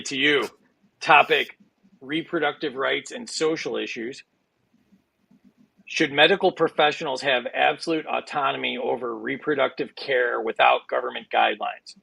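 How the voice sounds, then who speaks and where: A game show host talks through his stream in a casual, jokey way, rambling and filling gaps with lots of uhs and ums. His medium-pitched voice is heavily gravelly and full of fry, yet bright and forceful. The close, dry mic picks up no room sound or echo.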